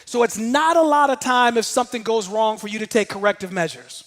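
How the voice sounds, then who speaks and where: Male motivational speaker, high-pitched, lively storytelling, long hall reverb. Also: fairly quick. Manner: animated storyteller, shouts out quoted commands. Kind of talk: motivational talk telling a personal story.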